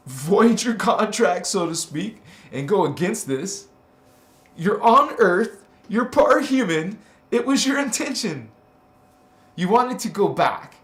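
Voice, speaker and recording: High-pitched man, livestream host, slow delivery, echoey room, teasing and emphatic with frequent laughs. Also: sing-song, a bit bright. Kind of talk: casual livestream talk.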